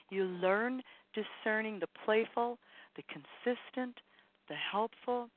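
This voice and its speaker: A woman's voice: medium pitch, moderate pace, no echo. Woman teaching spirituality over the phone. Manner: repetitive, encouraging, rambling with fillers. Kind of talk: teaching talk on a call-in show. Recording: tinny phone line, dry.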